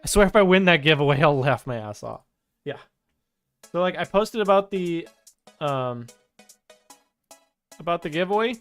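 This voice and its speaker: A man's voice: on the high side, expressive, moderate pace, long pauses, a bit bright, clean tone, faint music behind. A man chatting casually on a live stream, loose and jokey, talking to his chat. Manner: loose, fillers and restarts, jokey, talks to chat.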